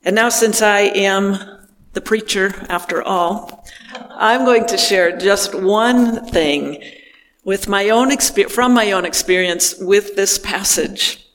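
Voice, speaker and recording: Slow-spoken high-voiced male preacher. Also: big-room sound, slight background noise. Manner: slow, gentle, pausing between phrases. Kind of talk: reflective sermon.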